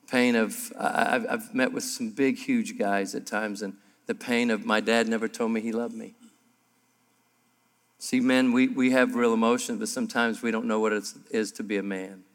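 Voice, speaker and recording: A man preaching a sermon to a room of men, emphatic and humorous, and his voice climbs higher and louder as he builds. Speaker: pastor. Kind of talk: sermon at a men's breakfast. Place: large room before an audience. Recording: live hall with long reverb.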